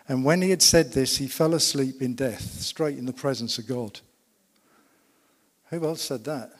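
A man's voice: a little high, moderate pace, a little mellow. A man preaching a sermon. He tells stories emphatically and asks the congregation rhetorical questions. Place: church. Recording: long reverb of a church hall.

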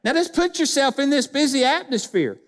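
High-voiced male preacher in reverberant sanctuary. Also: lively intonation, moderate pace, a bit bright. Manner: emphatic, asks the congregation rhetorical questions. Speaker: pastor. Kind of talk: sermon. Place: church sanctuary. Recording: long reverb of a church hall.

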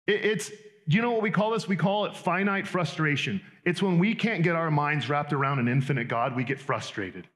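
A man preaching a sermon in a conversational, animated way with quick asides. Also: fairly high pitch. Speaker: pastor.

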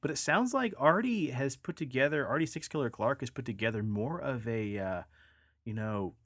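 A man's voice: medium pitch, expressive, moderate pace, fairly bright tone, no echo, studio quality. A man hosting a podcast, chatting casually and enthusiastically, swearing freely. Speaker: podcast host. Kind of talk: casual chat.

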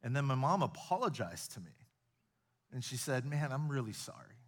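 A middle-aged man from the United States preaching a sermon, building to emphatic peaks and then dropping to soft, confiding storytelling. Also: medium pitch, big pitch swings, normal speed, breathy edge. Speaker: pastor. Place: church auditorium with a live audience.

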